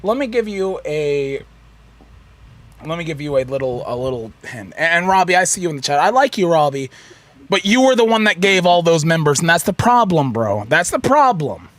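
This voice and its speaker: High-voiced drunk man ranting. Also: very animated, moderate pace. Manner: loud, profane ranting. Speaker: co-host of a livestream show. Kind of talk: casual livestream chat.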